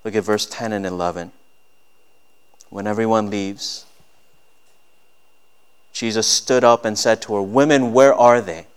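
A man's voice: on the low side, fairly even intonation, measured pace, long pauses, smooth. A man in his thirties preaching a sermon as a pastor, earnest and rising to emphatic peaks.

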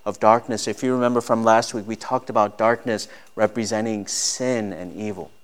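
Man, pastor, sermon, earnest, emphatic peaks, smooth clear voice. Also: fairly low pitch, steady tone, moderate pace.

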